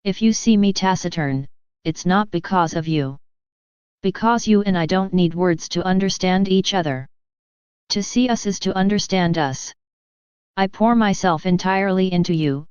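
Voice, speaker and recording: A woman reading the words of Jesus, a gentle and earnest divine man, in a solemn, measured devotional book reading. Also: on the low side, clear, resonant tone, dry recording, muffled recording, natural voice.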